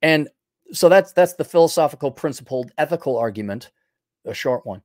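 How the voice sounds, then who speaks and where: A man's voice: a little high, animated, a little fast, a little mellow, no room sound, studio quality. A man with a Milwaukee accent hosting a podcast, reading viewer donations and giving blunt, opinionated answers. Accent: Milwaukee, Upper Midwest. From Milwaukee, Wisconsin. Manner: blunt, opinionated, drops into mock voices. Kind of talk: casual livestream commentary.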